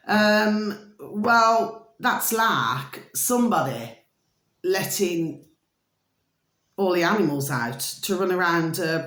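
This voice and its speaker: A woman's voice: lowish voice, a bit bright, echoey room. A woman with a Birmingham accent chatting casually to her viewers, rambling with lots of fillers and pet names. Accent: Birmingham English. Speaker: vlogger. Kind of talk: casual talk to camera.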